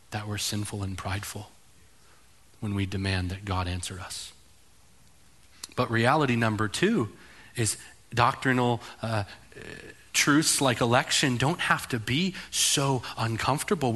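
A male pastor delivering a sermon in an animated, emphatic, conversational way. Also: mid-range voice.

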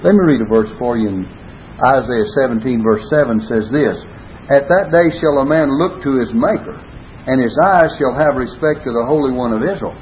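A man preaching a Bible study sermon, earnestly stressing key words and quoting scripture in old-style wording. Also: moderate pace. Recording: phone-like lo-fi recording with faint rumble.

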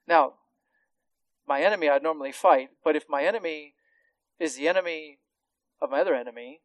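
Earnest preacher man, fairly high voice. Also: brisk, pauses often, dry recording, poor audio. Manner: earnest teaching with frequent restarts and rhetorical questions. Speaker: pastor. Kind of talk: expository sermon.

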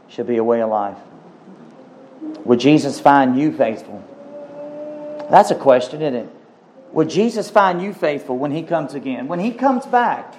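A man's voice: fairly high pitch, a little hiss or hum. A middle-aged man preaching a sermon as pastor, pleading and swinging between rising and falling lines with repeated questions.

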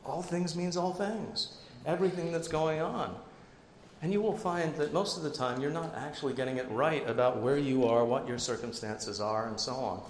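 A man's voice: medium pitch, normal speed, slight background noise. Chatty male pastor in an echoey hall. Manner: conversational, self-deprecating asides. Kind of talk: sermon. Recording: echoey hall with long reverb, faint ambience.

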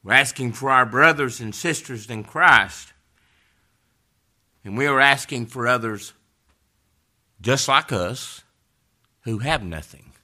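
A man preaching a sermon, rising to loud fervent peaks and dropping to hushed, low emphasis. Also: takes it slowly, long pauses.

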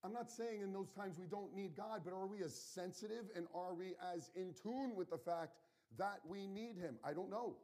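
A man's voice: high-pitched, moderate pace, dark tone. Earnest man preaching a sermon. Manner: earnest, personal and conversational, addresses the congregation directly.

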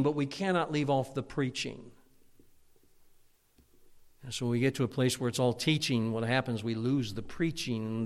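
A man preaching a fiery sermon as pastor, loud and emphatic, with stammered restarts. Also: mid-range voice. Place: church sanctuary. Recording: long church reverb.

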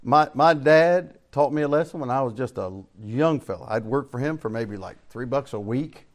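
An older man teaching a Bible study as pastor, preaching in a folksy storytelling way that swings between loud emphasis and quiet asides. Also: medium pitch, lively intonation, normal speed.

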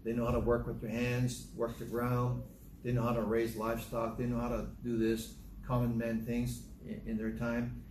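A man's voice: medium pitch, monotone, moderate pace, darkish tone, a little hiss or hum. A man giving a sermon, reading scripture aloud and retelling it in a plain, conversational storytelling way. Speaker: preacher. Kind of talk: sermon teaching through a psalm. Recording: echoey room.

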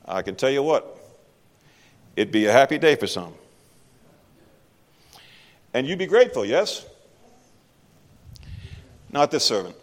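A man's voice: mid-range voice, sing-song, unhurried, pauses often. A man preaching a sermon in a church, speaking conversationally and emphatically and putting questions to the congregation. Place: church sanctuary. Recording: long hall reverb.

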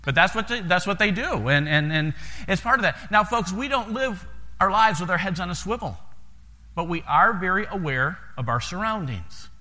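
American missionary man with a bright voice in a large hall. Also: high-pitched, expressive, moderate pace. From United States. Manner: folksy, repeats words when starting sentences. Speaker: missionary pastor. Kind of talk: sermon storytelling to a congregation.

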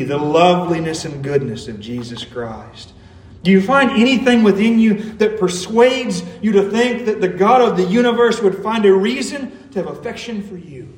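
A man's voice: on the high side, darkish tone, slight background noise. A man preaching a sermon as pastor, earnest, building to emphatic peaks. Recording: echoey hall, mic at a distance.

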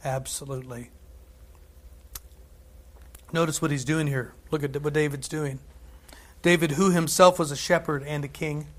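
A middle-aged man preaching a sermon, emphatic and conversational, tossing in asides and slowing down to stress scripture. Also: on the high side, fairly bright tone. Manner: emphatic, lifts voice and slows on scripture; conversational asides and tag questions.

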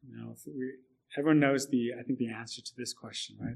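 A man's voice: mid-range voice, steady tone, fast talker, creaky, a little mellow, breathy edge. A man preaching a sermon in an earnest way, often restarting and repeating words, then building up through long lists.

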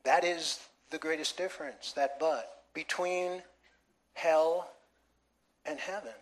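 A man's voice: on the high side, takes it slowly. A man preaching a sermon in a church, emphatic, with many rhetorical questions to the congregation. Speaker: pastor.

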